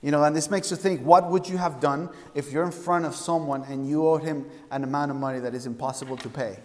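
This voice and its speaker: A man's voice: fairly high pitch, fairly even intonation, quick pace, a little mellow, in a large hall. A man preaching a sermon, emphatic and fond of asking his listeners questions. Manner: emphatic, asks the congregation questions.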